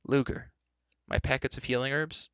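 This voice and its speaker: A gentle young prince, as a man voices him, speaking calmly and solemnly. His voice sits higher than the reader's own and carries a dry, close sound. The storybook reading sounds a little dull. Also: moderate pace, smooth, dry recording, close to an everyday voice. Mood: grave. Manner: calm and solemn. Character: gentle, grave young male prince and healer.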